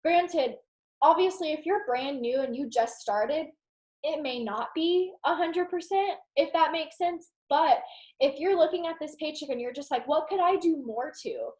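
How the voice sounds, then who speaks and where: A young woman giving a casual, rambling motivational talk to her team on a video call, animated and full of "like". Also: sits high, unhurried. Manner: animated, rambling, heavy use of "like". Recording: roomy echo.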